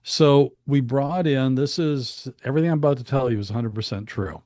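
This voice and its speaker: A man at a medium pitch tells studio anecdotes in an easygoing, rambling way. He often restarts his sentences and adds asides. The recording is dry and close, with no room sound. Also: a little fast, mellow, no echo. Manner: chatty, with frequent restarts and asides. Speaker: guest recalling studio work. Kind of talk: casual anecdotal storytelling.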